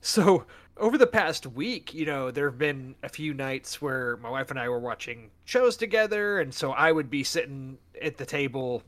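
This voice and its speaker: A man's voice: mid-range voice, normal speed, few pauses. A man co-hosting a casual chat, telling stories and acting out what others said. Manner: animated storyteller, acts out quoted dialogue. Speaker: podcast co-host.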